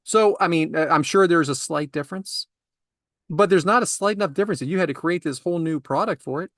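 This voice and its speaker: A man with a notably high voice hosts a casual podcast chat and tells stories in an animated, ranting way. His voice is close and dry, with little room sound. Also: fairly quick, no echo. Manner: animated ranting storyteller, laughs often. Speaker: podcast host.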